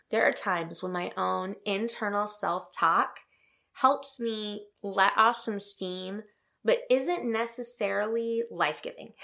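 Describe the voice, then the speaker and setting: A woman hosts a reflective devotional podcast, talking in a gentle, earnest way. Her voice has a gravelly edge and sits at an ordinary middle pitch. She reads scripture passages aloud in a calm, steady tone.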